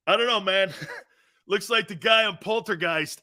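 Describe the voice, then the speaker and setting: A man hosting a sports talk show, joking loudly and laughing often as he riffs on football. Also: sits high, a little slow. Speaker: sports radio host.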